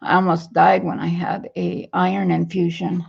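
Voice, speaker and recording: The dull, lo-fi sound from a computer webcam mic carries a little hiss or hum as a woman vlogs casually from home. Her lowish, creaky, darkish voice is monotone at a moderate pace while she rambles in a downcast way and reads viewer comments aloud.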